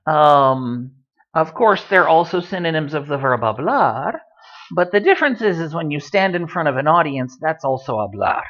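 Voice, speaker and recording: A man teaching a recorded language lesson into a computer, relaxed and chatty with dry joking asides. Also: on the high side, moderate pace, dull audio. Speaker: Spanish teacher. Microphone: computer microphone.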